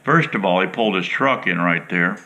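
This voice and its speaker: A middle-aged man with a low, gravelly voice that still cuts through bright and forward. He spins a rambling, folksy yarn straight to his viewers, chatty and unhurried. He sounds like a host talking to regulars. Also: expressive, dull audio. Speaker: outdoors show host. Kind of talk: casual storytelling to viewers.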